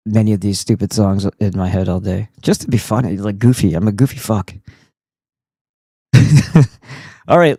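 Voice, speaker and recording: A man's voice: fairly low pitch, unhurried, pauses often, dark tone, no echo. A man hosting a casual livestream, talking in a goofy, profane and rambling way. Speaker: streamer host.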